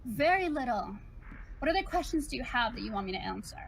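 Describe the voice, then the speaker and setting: A woman's voice: a little high, very animated, fast talker, gravelly, slight background noise, rough recording. A woman with a slight unusual accent in a heated online debate, lecturing indignantly and repeating her points when pressed. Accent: slight unusual accent, unnamed. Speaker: debate guest.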